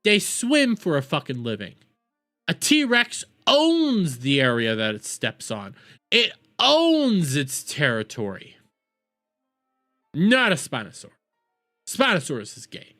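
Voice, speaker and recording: Lively young man ranting on stream. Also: a little high, slow pace, faint music behind. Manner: crude, swearing, repeats himself. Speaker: streamer reacting to clips. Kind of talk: casual reaction commentary.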